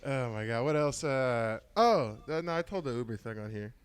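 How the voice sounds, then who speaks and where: A young man in casual podcast chat, loud and animated, breaking into high mocking voices. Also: normal speed, clean tone. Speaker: podcast host.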